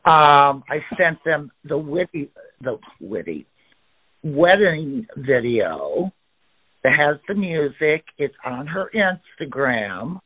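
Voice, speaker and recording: A man co-hosting a casual chat, unhurried and hesitant. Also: medium pitch, no room sound. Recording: tinny phone-like line.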